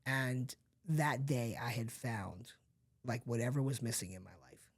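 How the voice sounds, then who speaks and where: A middle-aged man speaking as a podcast guest, his voice pitched in an ordinary middle range. He tells a hard personal story candidly and earnestly, with many asides to the listener. The emotion comes close to the surface at times. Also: measured pace. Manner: earnest and confiding, talks straight to the listener with frequent asides.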